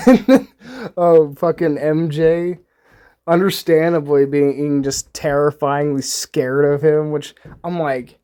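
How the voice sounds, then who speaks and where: A man's voice: a little high, fairly even intonation, slow, mellow, clean tone. A young man giving casual, rambling commentary on a movie, swearing freely, laughing often and restarting his sentences.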